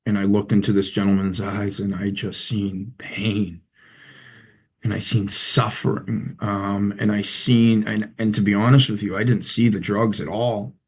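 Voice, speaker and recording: Play an earnest, low-voiced man. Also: flat delivery, darkish tone, husky. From Central Massachusetts. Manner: emotional, earnest, halting with many restarts. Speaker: recovery coach. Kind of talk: personal storytelling in an interview.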